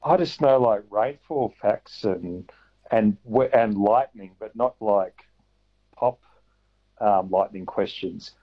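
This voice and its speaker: A man's voice: fairly low pitch, takes it slowly, husky. A man calling into a radio quiz, chatty and self-mocking. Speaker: caller. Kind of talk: casual phone-in chat. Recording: dull phone-in line.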